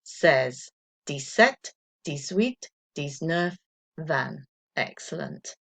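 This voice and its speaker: A woman teaching a recorded French lesson to primary school children, patient and encouraging, counting slowly for pupils to repeat. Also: low voice, big pitch swings, fairly bright tone.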